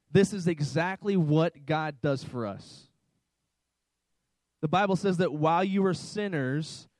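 High-voiced man preaching a sermon. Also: dry recording, rough recording. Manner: emphatic preaching, repeats key lines. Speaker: pastor. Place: church service with slides.

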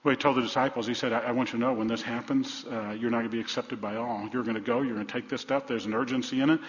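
A man preaching a sermon as pastor, repeating phrases for emphasis and dropping from loud to hushed. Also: medium pitch, steady tone, rapid-fire. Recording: reverberant hall, dull sound.

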